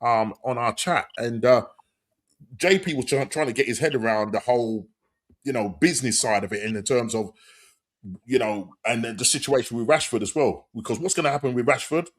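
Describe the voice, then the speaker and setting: A man hosting a football podcast in casual, excitable chat, repeating his shout-outs. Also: mid-range voice, brisk. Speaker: podcast host.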